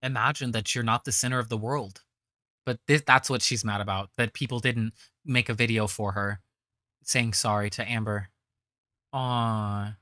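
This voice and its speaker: A foul-mouthed reaction commentator fires off sarcastic, scornful asides. The voice is bright and sharp-edged and sits at a middle pitch. It is recorded dry and close, with no room sound. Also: steady tone, moderate pace, no echo.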